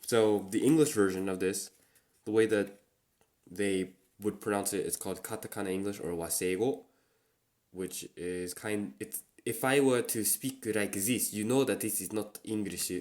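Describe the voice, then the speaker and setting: A man hosting a relaxed solo chat, slowly repeating Japanese words as he teaches them. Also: lowish voice. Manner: relaxed, slow and repetitive when pronouncing words. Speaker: podcast host.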